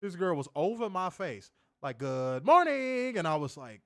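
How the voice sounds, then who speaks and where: A man co-hosting a casual streamed chat, telling stories in an animated, profane way with loud bursts. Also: a little high, normal speed, no room sound, clean studio sound. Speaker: co-host of a wrestling review show.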